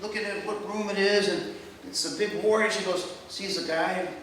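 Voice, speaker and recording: An older American man, a retired doctor, tells an animated story in a stand-up routine at a live venue as the audience laughs behind him. His voice sits high and brisk, recorded echoey and from a distance with slight background noise.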